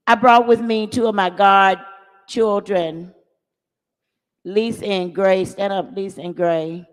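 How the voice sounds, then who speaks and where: An older man leading a young crowd in call-and-response, alternating loud chants with hushed instructions. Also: sits high, fairly even intonation, unhurried. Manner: commanding, shouts chants then hushes the crowd. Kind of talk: call-and-response rally speech. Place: large church hall. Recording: echoey church hall with crowd.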